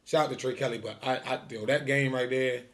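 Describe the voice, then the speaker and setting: A man telling a story in casual chat, animated and full of slang, acting out quotes. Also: a little fast. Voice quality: heavy profanity and slang. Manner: animated storyteller, acts out quotes with rising pitch. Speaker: streetball tour organizer.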